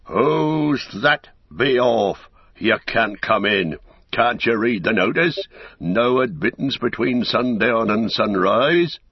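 A man voicing a hostile male gate guard in an audiobook, shouting loud orders. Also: medium pitch, lively intonation, slow, breathy edge, no room sound, dull audio, voice pushed up, heavily acted.

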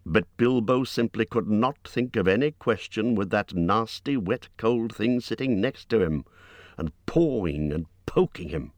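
Deep-voiced male audiobook narrator. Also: no echo. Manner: measured, expressive storytelling.

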